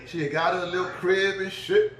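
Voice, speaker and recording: A man's voice: sits high, little pitch movement, a little fast, crowd noise. A middle-aged man telling a crude, rambling story, laughing as he goes. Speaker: vlogger. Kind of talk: profane storytelling rant. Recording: roomy, distant mic.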